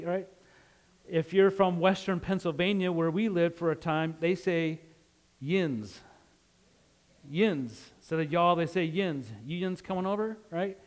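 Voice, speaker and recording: A man from Utah with a slight Western drawl, preaching a conversational sermon and often asking "right?". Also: fairly high pitch. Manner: conversational, asks "right?" often, laughs easily.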